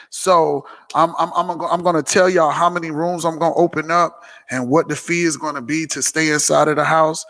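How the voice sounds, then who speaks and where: Host: man, bright, slightly high, animated slangy live chat. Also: fairly quick. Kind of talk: casual live-stream chat.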